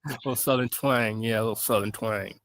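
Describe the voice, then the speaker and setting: A man's voice: on the low side, fairly even intonation, a little fast, fairly bright tone, no echo. A man hosting a podcast in casual chat, joking and teasing his guest. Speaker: podcast host.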